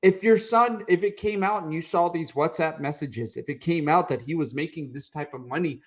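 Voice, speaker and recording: A man's voice: a little high, moderate pace. Fired-up man ranting on a podcast. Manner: heated, profane ranting. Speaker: podcast co-host. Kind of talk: political podcast banter.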